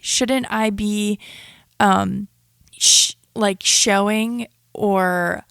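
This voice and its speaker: A young woman hosting a podcast, talking earnestly and reflectively in a confessional monologue, often halting and restarting. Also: medium pitch, gravelly, no room sound, clean studio sound. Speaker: podcast host.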